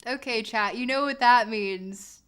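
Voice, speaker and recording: A woman's voice: fairly high pitch, measured pace, a bit bright, smooth. A woman streaming a geography game, reading chat aloud and reacting with laughter and mock outrage. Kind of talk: casual game stream commentary.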